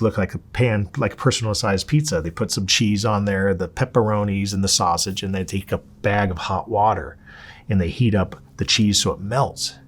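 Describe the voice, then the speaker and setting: A man, telling candid, profane stories and acting out the people he quotes. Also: on the low side. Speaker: interviewee. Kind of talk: candid storytelling.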